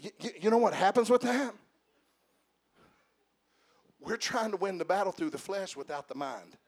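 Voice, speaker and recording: A high-pitched man delivers a sermon straight to his congregation. He swings from slow, shouted emphasis to quiet, joking asides. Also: animated. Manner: addresses the congregation directly with humor. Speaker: preacher.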